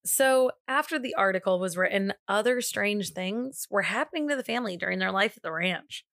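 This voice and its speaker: Bright-voiced woman co-hosting a chatty podcast. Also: medium pitch, animated, fairly quick, creaky, no echo, studio quality. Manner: chatty, retells events loosely with many "like" fillers. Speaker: podcast co-host. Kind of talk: casual chat and storytelling.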